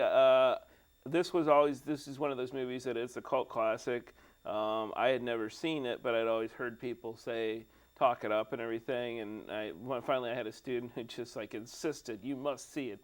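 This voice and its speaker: A man's voice: mid-range voice, fairly quick. A man co-hosting a studio show, chatting casually about a cult movie and laughing easily. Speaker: co-host of a movie discussion show. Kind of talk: casual chat about a film. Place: cable TV studio.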